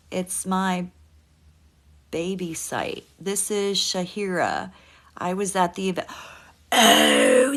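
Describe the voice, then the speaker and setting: Woman rambling on her phone livestream, slow easy pace, laughs a lot. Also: medium pitch, sharp tone. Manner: rambling, chatty, laughs often, fillers. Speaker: TikTok live streamer. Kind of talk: casual livestream chat.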